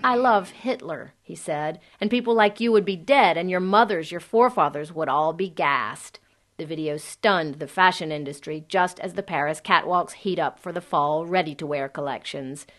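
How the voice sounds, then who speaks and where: A woman news correspondent reading a scripted report from abroad in a measured, even way. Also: on the low side. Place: on assignment abroad.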